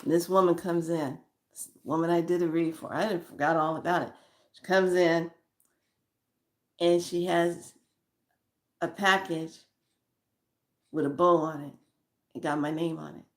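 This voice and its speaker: A woman's voice: lowish voice, steady tone, unhurried, long pauses. A woman who reads tarot cards, telling stories about her readings in a chatty, blunt way with casual swearing. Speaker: tarot card reader. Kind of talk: casual storytelling.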